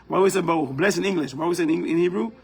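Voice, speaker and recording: Guy teaching a class, gravelly, keeps asking right?. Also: high voice, very fast, low-quality recording. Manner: explains step by step, keeps checking in with "right?". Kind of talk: live class lesson. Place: community center classroom.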